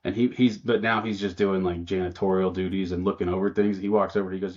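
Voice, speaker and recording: A man with a low, brisk voice and muffled highs guests on a podcast as an automotive trainer. He tells shop stories casually, animatedly acting out the lines of the people he quotes.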